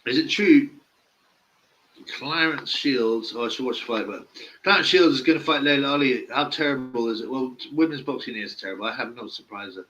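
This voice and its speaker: A man's voice: medium pitch, brisk, a bit bright, muffled recording. A man giving casual live-stream boxing commentary, blunt, mocking and opinionated.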